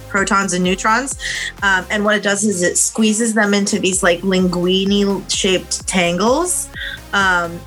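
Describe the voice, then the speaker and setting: Brief: woman podcast co-host, bright tone, chatty and loose, filler-heavy. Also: lowish voice, poor audio. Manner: rambling, filler-heavy explaining. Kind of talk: casual chat.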